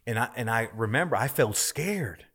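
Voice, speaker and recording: A man's voice: mid-range voice, expressive, normal speed, a bit bright, husky. A man, a minister, telling his personal testimony as a guest in a conversation, emphatic and repetitive as he tells the story.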